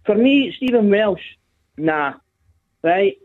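Grumbling Scottish caller on a tinny phone line. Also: male voice, high voice, animated, slow pace. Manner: grumbling, repeats "right?" often. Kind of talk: radio phone-in call.

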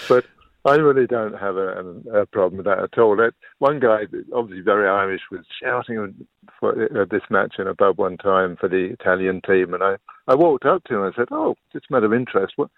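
English male caller with a deep voice, chatty, heard over a tinny phone line. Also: a little fast, dry recording. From England. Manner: chatty, anecdotal. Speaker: radio caller. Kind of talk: casual phone-in chat. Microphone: telephone.

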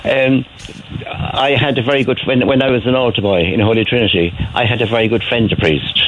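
An older man with a Cork accent, calling in to a radio show and telling stories in a rambling, animated way with many restarts. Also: medium pitch, brisk, muffled recording, slight background noise. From Ireland. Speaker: caller. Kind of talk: phone-in chat.

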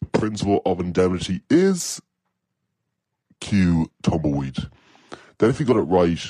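A man leaving a voice note for a podcast, telling a school story in a dry, deadpan way. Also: deep voice, husky, dry recording, poor audio. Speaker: listener sending a voice note.

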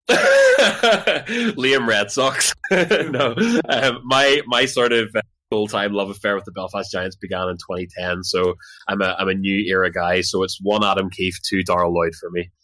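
Male co-host, low voice, bright forceful tone, nostalgic storyteller. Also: fairly even intonation, normal speed, no echo. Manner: fond, reminiscing, laughs easily. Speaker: podcast co-host. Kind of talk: casual chat.

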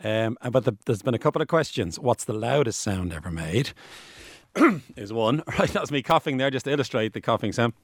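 A man with a booming voice, hosting a science podcast in a rambling, chatty way. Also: expressive, fast, few pauses, breathy edge, dry recording. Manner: rambling, chatty, conversational with restarts. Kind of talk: casual explanatory podcast talk. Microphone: studio microphone.

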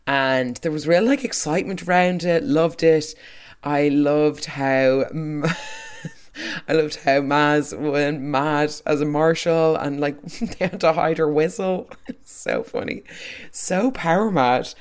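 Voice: mid-range voice, slow, clean tone. A speaker giving an opinionated, chatty recap of a soap episode, trailing off into asides.

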